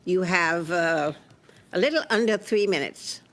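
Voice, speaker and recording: A woman's voice: on the low side, measured pace, fairly bright tone. A woman chairing a parliamentary committee, keeping time and handling procedure firmly. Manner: procedural, firm.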